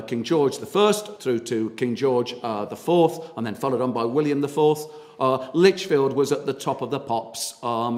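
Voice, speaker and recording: A man's voice: medium pitch, a little mellow. Chatty man giving a talk in an echoing hall. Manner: chatty, anecdotal, hesitant with fillers. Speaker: tour guide and local historian. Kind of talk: public talk. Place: meeting hall. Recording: reverberant hall from far off.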